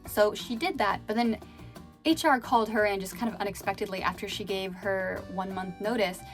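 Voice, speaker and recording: A woman's voice: mid-range voice, fairly quick, soft background music. A woman telling stories in a casual vlog, chatty and full of fillers. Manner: chatty, filler-heavy, laughing now and then. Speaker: vlogger and former chat host.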